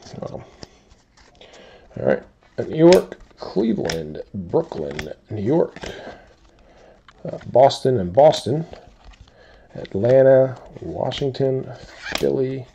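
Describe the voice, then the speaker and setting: Slow, mellow man calling card breaks. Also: medium pitch, vocal fry, slight background noise. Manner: slow, relaxed listing of teams and cards. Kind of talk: live card break commentary.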